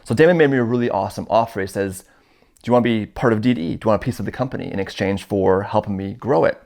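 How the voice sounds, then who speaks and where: A man in his thirties from Canada, telling a story in a casual, animated way. His voice sits a little low, and he acts out the people in his tale as he goes. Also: fast, creaky. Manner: animated, acts out quoted dialogue in his stories. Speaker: storyteller guest. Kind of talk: casual first-person storytelling.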